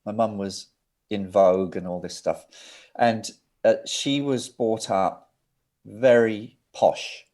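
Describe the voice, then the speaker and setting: A man's voice: fairly low pitch, slow pace, darkish tone. A middle-aged man from England, a record producer, telling his family history as a guest in a casual interview, rambling and restarting sentences. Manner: rambling, anecdotal, frequent restarts.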